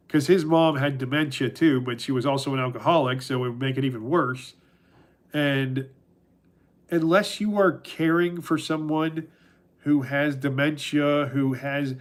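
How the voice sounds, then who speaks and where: A middle-aged man hosting a casual livestream, talking through chat questions in a rambling, halting way with many restarts. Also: on the high side. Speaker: livestream host answering chat.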